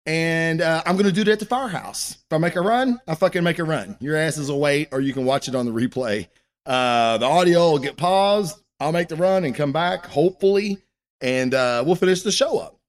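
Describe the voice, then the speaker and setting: A man's voice: a little high, expressive, moderate pace. A man hosting his own comic book show, chatting casually and rambling with plenty of cussing. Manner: profane, rambling and loose. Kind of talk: casual live-stream chat.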